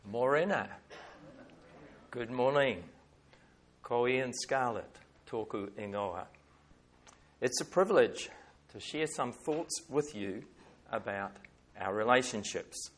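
A man opening a sermon at a church service in a calm, reflective way. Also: medium pitch, slow pace, pauses often. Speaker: preacher.

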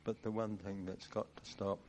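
A man in a church giving earnest, halting Christmas wishes and a farewell to the congregation. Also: on the low side, flat delivery, darkish tone, a little hiss or hum. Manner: halting and earnest, repeating words.

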